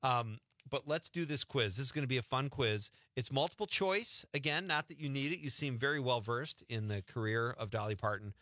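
A male radio host chatting playfully and reading out quiz questions with frequent laughs. His voice is bright and swings through a lively pitch range. The studio sound is close and dry. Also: fairly quick, few pauses, no room sound. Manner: playful, laughs often, quizzes his guest. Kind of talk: casual radio chat.

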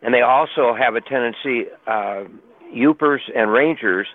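Older male caller, rambling and hesitant, mid pitch, phone-line sound. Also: a little slow. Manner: rambling, hesitant with many fillers. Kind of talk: phone-in call.

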